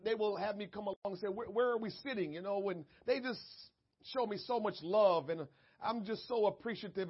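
Husky-voiced man preaching a sermon. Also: high voice, highs cut off. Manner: builds from calm storytelling to shouted preaching. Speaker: pastor.

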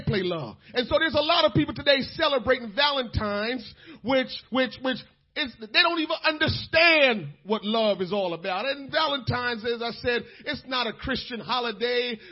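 High, husky man preaching fervently. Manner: fervent, swings from soft storytelling to shouting; fills pauses with "uh", repeats words. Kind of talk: sermon. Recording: dull lo-fi recording.

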